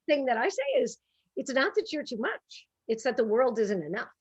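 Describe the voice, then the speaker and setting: A woman with a brassy Brooklyn accent hosting a bookstore author conversation, animated and self-deprecating, laughing often. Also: fairly high pitch, moderate pace, husky, highs cut off. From Brooklyn, New York. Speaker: host and editor.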